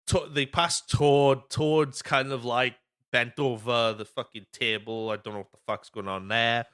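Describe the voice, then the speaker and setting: A man's voice: mid-range voice, fairly even intonation, a little slow, fairly bright tone, clear, resonant tone. A man hosting a casual podcast, retelling movie scenes with lots of swearing and quoted voices. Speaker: podcast host.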